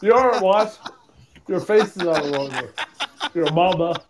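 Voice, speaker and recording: A man's voice: high-pitched, animated, unhurried, very noisy. Drunk rowdy man on a phone. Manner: loud, rowdy, mock-insulting.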